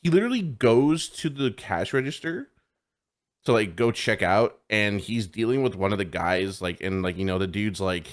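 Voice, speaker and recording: A man with a fairly low voice chatting on a live podcast. He rambles through a story full of filler words and swearing, laughing along at his own anecdote in a loose, casual chat. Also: animated, moderate pace. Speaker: podcast co-host. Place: home streaming setup.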